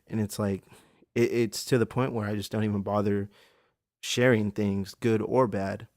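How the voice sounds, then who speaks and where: A man's voice: lowish voice, little pitch movement, moderate pace, darkish tone, no room sound. Man, podcast host, casual monologue, profane, filler-heavy, dry sound. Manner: rambling, profane, many fillers.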